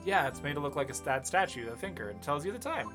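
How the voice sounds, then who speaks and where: A streamer reading the lines of a calm, caring lawyer and older sister in a near-natural voice. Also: medium pitch, fast, natural voice. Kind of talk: reading game dialogue aloud. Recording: game music underneath.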